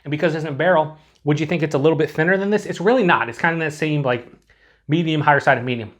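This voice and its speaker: A man's voice: a little high, very fast. A man casually reviewing beer for his channel, chatty and rambling, with frequent swearing and filler words. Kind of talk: casual tasting review to camera.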